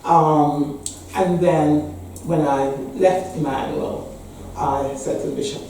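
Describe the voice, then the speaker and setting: Here a sixty-something woman, an English parish priest, gives a meeting speech that is candid and wry, punctuated by frequent laughter. Her warm voice is low and slow, with fairly even intonation. Slight noise and the echo of a hall come through, since the mic is far away.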